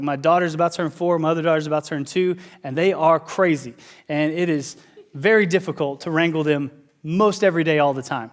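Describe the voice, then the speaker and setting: A man in his thirties preaching a sermon as pastor, telling animated, conversational stories. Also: high voice.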